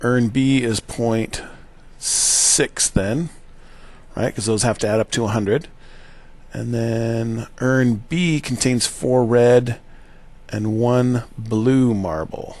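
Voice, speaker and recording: A man working through probability problems aloud as a teacher, thinking out loud with fillers and self-corrections and checking in with "right?". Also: mid-range voice, steady tone, slow pace. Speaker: math teacher.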